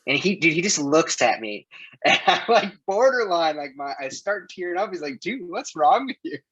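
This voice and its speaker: Bright-voiced man telling an emotional story. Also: a little high, expressive, normal speed, lo-fi sound. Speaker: podcast guest, coach. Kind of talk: casual chat.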